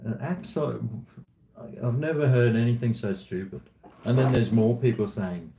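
A man's voice: medium pitch, normal speed, warm tone, slight background noise. A man chatting casually and bluntly on a live stream, swearing freely and rambling between topics. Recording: echoey room.

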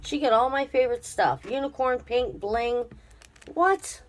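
A woman's voice: fairly high pitch, moderate pace. A woman vlogger chatting casually to her viewers while unboxing a craft gift, gushing with effusive praise. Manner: talks to viewers directly.

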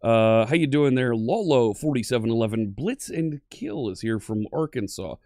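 Upbeat man with a lively voice. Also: medium pitch, moderate pace, dry recording, studio quality. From Pennsylvania. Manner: upbeat, friendly, greets viewers one by one. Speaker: live-stream coding instructor. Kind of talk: live-streamed coding lesson, greeting chat.

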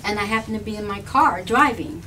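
A woman telling a personal story on a live panel, animated and often laughing, with restarts and repetitions. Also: mid-range voice, a little fast. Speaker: filmmaker and activist guest. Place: live event room with an audience. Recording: distant mic with background noise.

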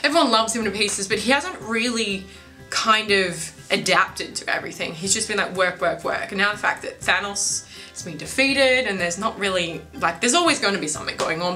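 A woman's voice: mid-range voice, sharp tone, poor audio. A woman giving a casual spoiler movie review, chatty and full of "like" and "you know" fillers.

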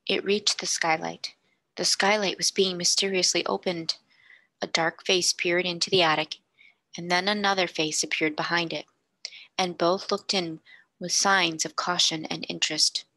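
A woman reading a classic novel aloud in a measured, expressive narration. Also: lowish voice, no echo. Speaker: storybook reader.

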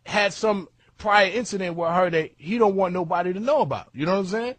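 A man's voice: high voice, fairly quick, fairly bright tone, dry recording. A man telling a long story in casual chat, rambling with frequent asides and restarts.

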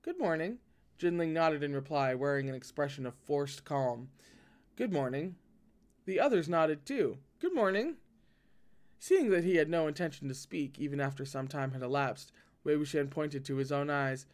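A man's voice: a little high, steady tone, moderate pace, clear, resonant tone. A man reading a novel aloud and breaking off to react in a dramatic, swearing manner. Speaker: audiobook reader and reactor.

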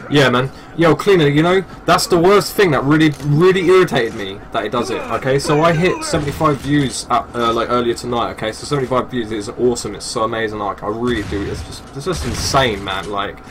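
A man from the UK, chatting casually on his game stream, excitable and repeating himself. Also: mid-range voice, fairly quick, few pauses.

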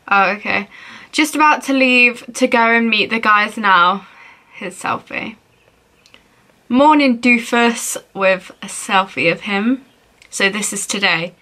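A woman's voice: medium pitch, measured pace, bright, forceful tone. A young woman vlogging as she plays a phone game, reading messages aloud in a playful, giggly way.

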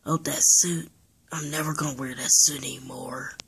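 A woman's voice: a bass voice, steady tone, moderate pace, vocal fry, a bit bright, slightly rough. A woman narrating and voicing toys in an improvised play, talking in a half-whispered, sighing, rambling way. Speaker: toy play video maker.

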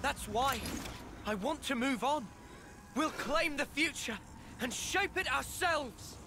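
A man's voice: very high-pitched, expressive, slow, a little hiss or hum, heavily acted. An actor playing a determined young male hero in a video game, with a resolute, rallying delivery. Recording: game audio under loud music.

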